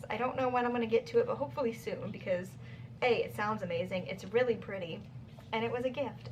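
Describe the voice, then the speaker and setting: A woman's voice: a little high, recorded from a distance, slight background noise. A young woman chatting casually in a book vlog, bubbly and full of "like" fillers. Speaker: book vlogger.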